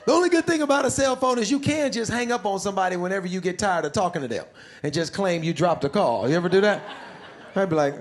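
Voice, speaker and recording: A man doing stand-up on a comedy stage with a handheld mic, animated and shouting his punchlines. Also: sits high, fast talker. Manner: animated, shouting punchlines, acting out quoted voices. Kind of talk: stand-up routine.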